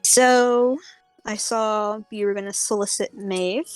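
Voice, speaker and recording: A woman voicing a brisk tavern keeper woman who is pushy and exasperated, in a tabletop game. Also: mid-range voice, steady tone, smooth, no room sound, soft background music, lightly acted. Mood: insistent.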